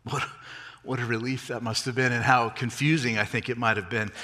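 A man preaching a sermon, animated, rising and falling in pitch and volume for emphasis. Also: fairly quick, in a large hall. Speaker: pastor.

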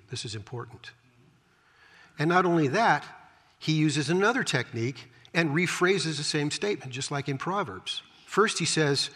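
A man's voice: medium pitch, moderate pace, fairly bright tone. A male preacher giving a conversational Bible-teaching sermon, chatty, with wry asides. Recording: long hall reverb.

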